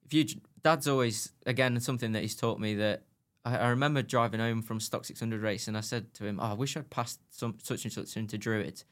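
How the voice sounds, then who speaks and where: A young man who is a motorbike racer, telling animated stories in a casual podcast chat and laughing at himself. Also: fairly low pitch, fairly quick, hardly any pauses. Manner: animated anecdotes, laughs at himself, acts out his own thoughts.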